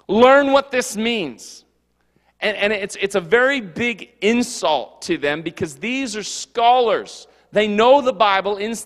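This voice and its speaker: A youth pastor with a high, light voice, preaching in a lively, joking way. His talk rings out with a long reverb in a church hall. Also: vocal fry. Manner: animated, jokey, puts on quick character voices. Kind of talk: casual youth sermon.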